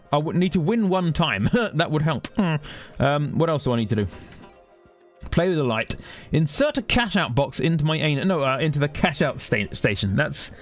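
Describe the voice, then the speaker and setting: A man commenting casually on his gameplay as a streamer, chatty and sarcastic as he thinks aloud. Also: fairly high pitch. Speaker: gaming streamer.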